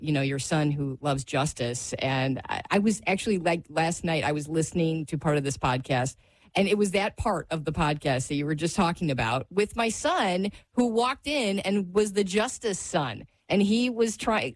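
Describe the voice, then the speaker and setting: A woman's voice: lowish voice, expressive, normal speed, no echo. Chatty woman radio host. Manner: chatty, self-deprecating, laughs easily. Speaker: radio talk show host. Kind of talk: faith-based radio conversation.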